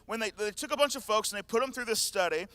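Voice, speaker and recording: Animated man preaching a sermon. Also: sits high, quick pace, no room sound. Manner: animated storytelling, acting out scenes. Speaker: pastor.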